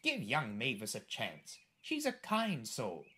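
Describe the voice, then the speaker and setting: A man's voice: mid-range voice, huge pitch swings, slow, breathy edge, exaggerated voice. A man voicing a motherly female railway coach in a storybook, who scolds kindly. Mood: scolding. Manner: scolding, warm.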